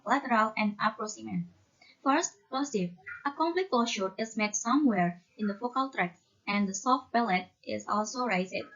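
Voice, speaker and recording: A woman student presenter reading a scripted explanation of articulation in a steady voice. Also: fairly high pitch, slightly rough. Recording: dull, lo-fi recording.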